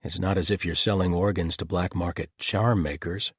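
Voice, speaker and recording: A man voicing a calm, thoughtful male paladin who speaks quietly and with curiosity. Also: sits low, normal speed, breathy edge, dry recording, clean studio sound.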